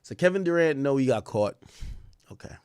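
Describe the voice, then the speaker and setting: Loud, animated young male streamer. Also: fairly quick, smooth, dry recording, clean studio sound. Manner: loud, profane trash talk with sudden jumps in pitch and volume. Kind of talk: casual live-stream commentary reacting to chat and posts.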